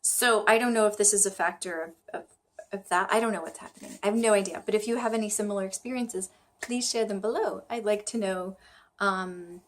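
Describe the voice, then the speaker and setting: A woman's voice: medium pitch, fairly quick. A woman vlogging about her study habits, chatty and self-deprecating, thinking aloud as she goes. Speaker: vlogger learning Chinese. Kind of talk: casual vlog talk to camera.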